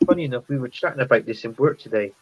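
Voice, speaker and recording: Male panelist, average pitch, chatty storyteller, video-call sound. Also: lively intonation, racing, dull audio, very noisy. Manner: chatty, anecdotal. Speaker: football podcast panelist. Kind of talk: casual chat.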